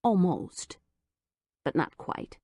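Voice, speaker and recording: Woman audiobook narrator, slow, lowish pitch, dry close recording. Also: mellow, no room sound. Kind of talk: scripted narration.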